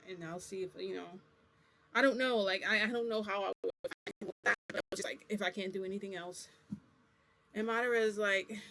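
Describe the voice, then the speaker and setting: With a high, creaky, sharp-toned voice, this vlogger rambles through a lengthy story, playing out the back-and-forth using "I'm like" and "he goes." There's slight background noise.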